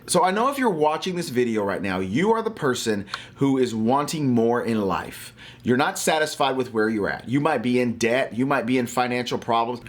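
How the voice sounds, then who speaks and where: A man's voice: medium pitch, fairly bright tone. A man from Louisiana giving a faith-based finance talk to camera, emphatic and motivational like a preacher.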